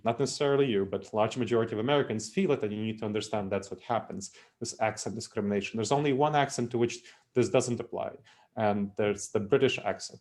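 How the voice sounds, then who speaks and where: A man's voice: on the low side, darkish tone. A middle-aged man from Moldova with a Russian accent, giving a training talk to business leaders in a repetitive, emphatic way. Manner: repetitive, emphatic explanatory delivery. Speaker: speaker, trainer.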